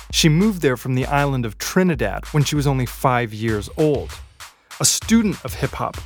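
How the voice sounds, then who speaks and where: A man reading scripted documentary narration in a measured way, with wry asides. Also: mid-range voice. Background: faint music bed.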